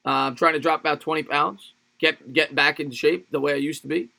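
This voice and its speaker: Bright-voiced man calling football on a livestream. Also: on the high side, fairly quick, gravelly. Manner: energetic, laughs often, reads viewer comments aloud. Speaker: livestream sports play-by-play host. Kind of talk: play-by-play commentary mixed with live chat replies.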